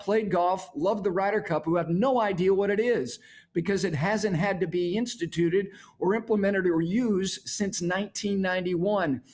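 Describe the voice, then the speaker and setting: A man's voice: high-pitched, a little mellow. A middle-aged man hosting a golf talk show, delivering an emphatic studio monologue that repeats key words to drive points home.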